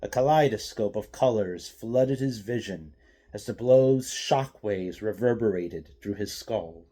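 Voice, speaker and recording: A man reading his own novel aloud as an expressive audiobook narration. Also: on the low side, measured pace.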